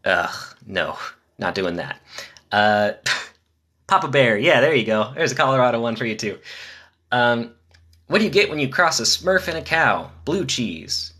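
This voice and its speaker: A man on a casual live stream, reading dad jokes in quick succession and chatting with viewers between them. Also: medium pitch, very animated, bright, forceful tone. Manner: rapid-fire jokes with chatty asides to viewers.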